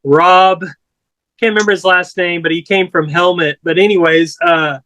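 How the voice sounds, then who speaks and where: A man's voice: sits high, fairly even intonation, moderate pace, pushed and bright, a little hiss or hum, poor audio. A man from Corpus Christi, Texas, telling a story as a guest musician in a laid-back, rambling way with casual swearing.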